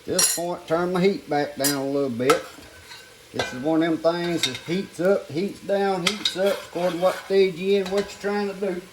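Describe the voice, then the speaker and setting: A man's voice: high voice, steady tone, normal speed, noisy background. An older man, chatting folksily to viewers as he cooks at home. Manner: folksy, talks to viewers as "guys" while working. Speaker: home cook. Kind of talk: casual cooking demonstration. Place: home kitchen. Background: faint sizzling and clatter of pots.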